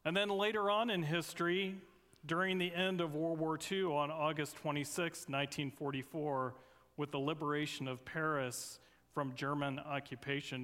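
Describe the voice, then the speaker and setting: A man preaching a sermon as a guest speaker, opening with a prayer and speaking in earnest, measured phrases with pauses between them. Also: fairly high pitch, a bit bright. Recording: long reverb of a large hall.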